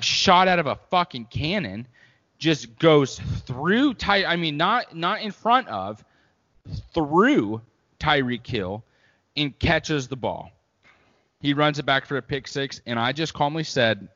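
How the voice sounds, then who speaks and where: A man's voice: a little high, expressive, a little slow, a bit bright. A man with a mid-range voice chatting casually, laughing and swearing as he mocks his own temper. His voice trails off into long reverb. The audio is dull and lo-fi. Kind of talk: casual chat.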